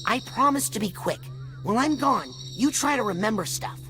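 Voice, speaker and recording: A plucky, inquisitive young boy psychic, played by a woman in a video game. He quips and asks questions in a lively, bouncing voice. Game music plays clearly underneath. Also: fairly high pitch, brisk. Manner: inquisitive, quippy. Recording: game music playing behind.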